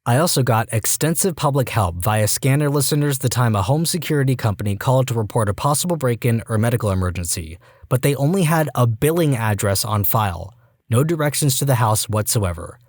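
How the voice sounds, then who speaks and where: A man reading reddit stories aloud in an even, steady voice. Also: mid-range voice, brisk, no echo, clean studio sound. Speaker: reddit story narrator.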